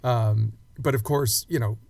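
A man's voice: medium pitch, moderate pace, dry recording. A man co-hosting a podcast, recapping an episode with enthusiasm and acting out quotes in casual chat. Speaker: podcast co-host.

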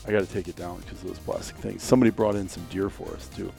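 A man's voice: low voice, fairly even intonation, racing, vocal fry, warm tone, soft background music. A middle-aged man hosting a casual podcast chat, rambling and joking with many fillers and restarts. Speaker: podcast host.

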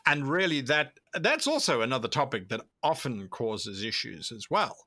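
A man being interviewed as a tabletop role-play video creator, explaining at length in an animated way and acting out the thoughts he quotes. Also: medium pitch, moderate pace, no echo. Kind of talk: conversational interview answers.

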